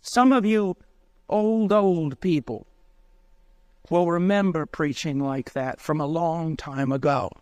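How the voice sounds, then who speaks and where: A man's voice: on the high side, unhurried, hardly any pauses, no echo, clean studio sound. A man preaching a sermon, urgent and direct, pleading straight with his listeners.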